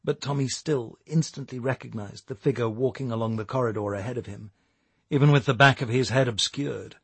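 A man giving steady, measured scripted narration of a novel. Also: mid-range voice, creaky, husky, no room sound. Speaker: audiobook narrator.

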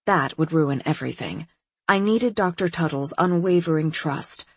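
Husky woman narrating, low and dry. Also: moderate pace, dry recording. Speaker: audiobook narrator. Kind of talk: scripted first-person narration.

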